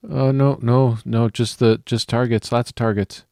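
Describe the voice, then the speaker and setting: A man's voice: medium pitch, fairly even intonation, normal speed, gravelly, warm tone, dry recording, studio quality. A man playing a tabletop game who speaks hesitantly, with stammers and fillers. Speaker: player.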